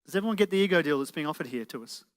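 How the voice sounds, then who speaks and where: A man gives a live motivational presentation in a reverberant event hall, firing rhetorical questions at the audience. His fairly high voice is rapid-fire with lively intonation.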